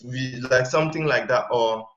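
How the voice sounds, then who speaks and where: A man's voice: medium pitch, a loud crowd. Guy chatting in an interview, stops and restarts a lot looking for examples, roomy dull recording. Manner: halting, searches for examples mid-sentence. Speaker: interview guest, language learner. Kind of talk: casual interview chat. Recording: echoey, dull sound.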